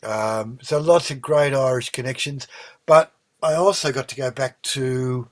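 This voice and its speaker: A medium-pitched voice, a little slow, belongs to an Australian singer-songwriter in his sixties who is a guest in a relaxed storytelling conversation. His stories run long and rambling, with many ums and restarts, and he's warm, becoming lively as he recounts them.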